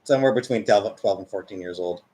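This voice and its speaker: A man's voice: fairly low pitch, fast, darkish tone. A man in his forties from Canada, chatting casually with his viewers in a rambling, hesitant way that keeps correcting itself. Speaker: streamer reading chat. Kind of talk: casual chat.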